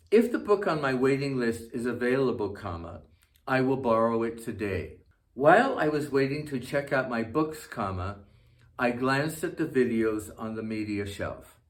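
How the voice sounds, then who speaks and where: A man teaches punctuation in a calm, scripted voice-over. He spells out his example sentences deliberately and speaks every comma aloud, at a measured pace and in a middle register. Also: mid-range voice. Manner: slow, careful dictation of example sentences. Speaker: English teacher. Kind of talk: scripted grammar lesson narration.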